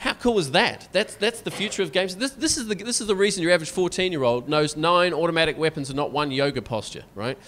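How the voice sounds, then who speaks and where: A Scottish man performing stand-up comedy, sarcastic and animated, often tagging his lines with "right?". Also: fairly high pitch, fast, few pauses, a little hiss or hum. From Scotland.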